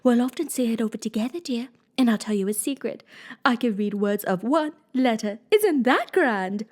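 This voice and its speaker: A woman reading a storybook plays a feeble, muddled queen who frets and dithers. She talks slowly and anxiously, her voice rising and falling. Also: on the high side, lively intonation. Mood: fretful. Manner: slow, nervous, anxious.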